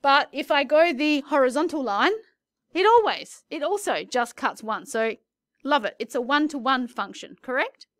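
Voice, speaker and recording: A woman's voice: high voice, animated, moderate pace, a bit bright, dry recording, clean studio sound. A woman teaching maths in a recorded lesson, playful and chatty with jokey asides.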